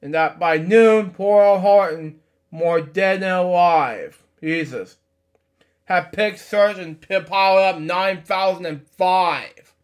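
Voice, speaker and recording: High-voiced man stumbling through a storybook. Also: takes it slowly. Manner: stumbling reading, fillers, blunt irreverent asides. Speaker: storybook reader. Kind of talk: casual read-aloud with commentary. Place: home at night.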